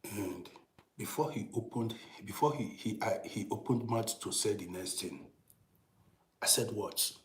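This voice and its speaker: A middle-aged man telling a personal story in a casual monologue, dropping to hushed whispers and rising to loud, emphatic bursts, often repeating and restarting phrases. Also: lowish voice, a little slow, roomy sound. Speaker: storytelling channel host.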